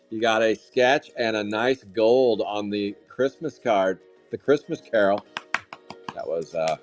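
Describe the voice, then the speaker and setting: A man hosting a live trading card break, calling out pulls with loud, excitable, jokey hype. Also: mid-range voice. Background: faint music.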